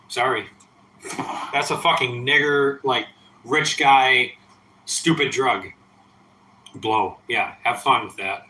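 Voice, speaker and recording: A man's voice: medium pitch, slow pace, pauses often, bright, forceful tone, roomy sound, poor audio. Profane, rambling man in his thirties. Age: 30s. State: drinking, a bit tipsy. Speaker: livestreamer. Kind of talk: casual late-night livestream chat.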